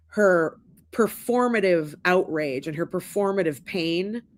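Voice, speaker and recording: A woman in her forties with a fairly low voice, telling a long personal story as a podcast co-host. She animates the dialogue as she recounts it. The sound is dry and close. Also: no room sound. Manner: animated storyteller, acts out quotes. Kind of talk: casual chat.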